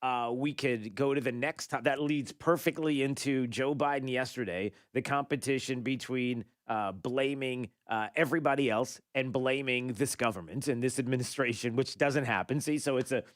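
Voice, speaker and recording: A man's voice: mid-range voice, moderate pace, hardly any pauses, dry recording. Male talk radio host, rambling monologue, lots of fillers, dry close studio sound.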